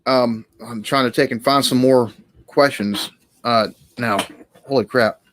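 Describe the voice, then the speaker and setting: A man's voice: medium pitch, fairly even intonation, a little slow, a bit bright, slight background noise. A man hosting a casual live-stream Q&A, talking in a rambling, hesitant way with many restarts.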